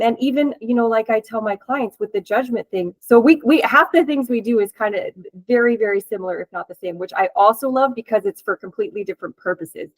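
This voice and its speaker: A woman with a fairly high voice hosts an interview, chatting casually in her role as a coach. She laughs a lot and uses plenty of fillers. The recording is rough but has no echo.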